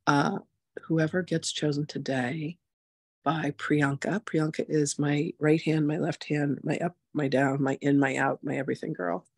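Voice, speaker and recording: A woman in her sixties hosting a spiritual masterclass, telling her story in a chatty, animated way full of "like" and "you know". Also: low-pitched, a little slow, vocal fry, slightly rough, no echo, studio quality. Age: 60s. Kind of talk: casual personal storytelling.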